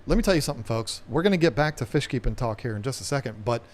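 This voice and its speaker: A man's voice: mid-range voice, animated, very fast. A man hosting an aquarium live stream, chatting in a casual, rambling, playful way with viewers. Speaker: aquarium channel host.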